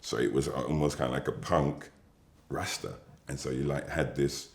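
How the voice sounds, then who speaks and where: An English man being interviewed, talking in a measured, musing way with pauses and fillers. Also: extremely low pitch, steady tone, gravelly, reverberant. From England. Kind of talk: reflective interview talk.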